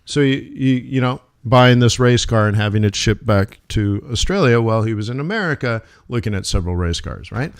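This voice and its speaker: A man's voice: medium pitch, animated, a little fast, hardly any pauses, clear, resonant tone. A man hosting a live forex trading stream, talking through charts in a casual, rambling way with joking asides.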